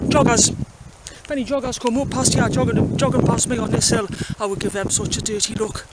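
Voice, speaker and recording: A man's voice: extremely high pitch, moderate pace. A man joking dryly as he rambles through a rural valley, talking to the camera while he walks outdoors. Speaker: vlogger. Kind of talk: walking vlog commentary. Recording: loud wind and outdoor noise.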